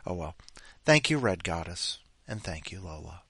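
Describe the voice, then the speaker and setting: A man's voice: low voice, moderate pace, gravelly, slightly rough, dry recording. A man hosting a podcast, rambling casually with sighs and mocking voices. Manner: animated, sighing, mocking voices. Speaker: podcast host.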